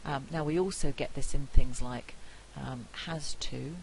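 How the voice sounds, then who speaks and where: A middle-aged woman with a British accent giving a university lecture, explaining clearly and saying example words aloud. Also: very deep voice, darkish tone, a little hiss or hum, rough recording. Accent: British English. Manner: clear, measured explanation with spoken pronunciation examples. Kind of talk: recorded phonetics lecture.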